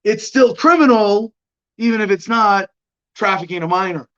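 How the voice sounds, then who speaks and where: A man's voice: high voice, normal speed, a bit bright. A man hosting a casual livestream, talking in a loose, rambling way and hedging as he goes. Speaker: show host. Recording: muffled lo-fi stream audio.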